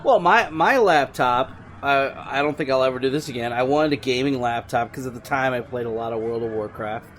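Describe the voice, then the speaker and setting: Male co-host, relaxed chat, frequent laughs, halting restarts. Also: mid-range voice. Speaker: podcast co-host. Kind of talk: casual chat.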